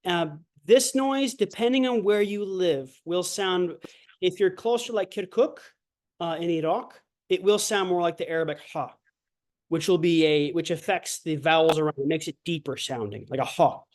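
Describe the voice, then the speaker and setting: A man's voice: sits high, normal speed. A man teaching an online language lecture, chatty and digressive, with many fillers, who acts out sounds to show them. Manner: demonstrates sounds by exaggerated voicing. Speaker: language instructor.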